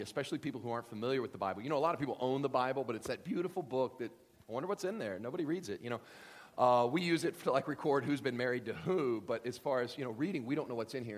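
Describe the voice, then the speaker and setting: A man preaching a sermon to a congregation, joking and acting out voices with lively energy. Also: mid-range voice, in a large hall. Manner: animated, joking, acts out voices. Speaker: pastor.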